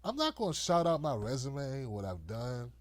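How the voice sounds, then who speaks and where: A middle-aged man hosting a political commentary show, ranting loosely to camera in a mocking, animated way and often acting out the voices he quotes. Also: mid-range voice, moderate pace.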